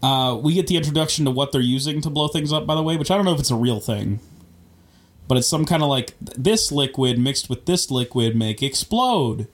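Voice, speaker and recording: A man's voice: mid-range voice, animated, a little fast. A man co-hosting a podcast, casually riffing on a movie with jokes and pop-culture tangents. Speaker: podcast co-host. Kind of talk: casual chat recapping a movie.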